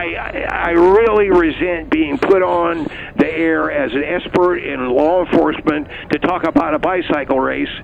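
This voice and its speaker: A man's voice: on the high side, muffled recording. A man playing a stammering, touchy cop on a call-in. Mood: indignant. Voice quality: stammering, gravelly. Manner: flustered, easily riled, outbursts. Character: excitable, touchy male police officer guest. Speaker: comedic caller playing a cop. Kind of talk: comedy radio bit.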